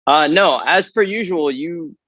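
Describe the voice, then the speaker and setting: A man's voice: on the high side, a little slow, fairly bright tone, no room sound. A man co-hosting a casual podcast, tossing in joking, wisecracking asides. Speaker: podcast co-host.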